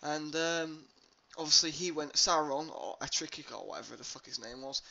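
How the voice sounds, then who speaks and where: A man's voice: a little high, moderate pace, creaky, sharp tone, dull audio. A young man casually commenting on his gameplay, rambling with lots of ums and uhs. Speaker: let's play host. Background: game music.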